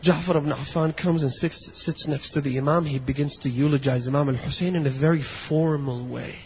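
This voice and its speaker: A male preacher delivering a sermon, moving between hushed storytelling and impassioned near-shouting, with a husky voice. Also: a little high, steady tone, brisk. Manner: impassioned, builds to near shouts and weeping intensity. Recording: dull lo-fi audio in a long-reverb hall.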